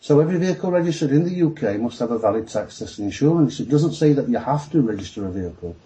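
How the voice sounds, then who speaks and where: A man with a Yorkshire accent and a mellow, warm voice tells stories as a guest on a live stream. He gets excited, speeds up and trips over his words, restarting his sentences again and again. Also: mid-range voice, poor audio. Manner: rushed, excitable, talks fast with many restarts. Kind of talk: casual storytelling on a live stream.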